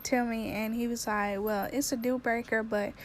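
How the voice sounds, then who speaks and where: Flat, subdued woman, faint room noise. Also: on the high side, moderate pace. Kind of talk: casual storytelling.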